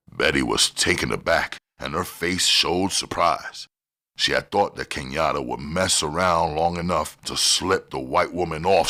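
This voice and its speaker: A man narrating a crime novel audiobook in a steady, plain reading style. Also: extremely low pitch. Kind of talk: scripted narration.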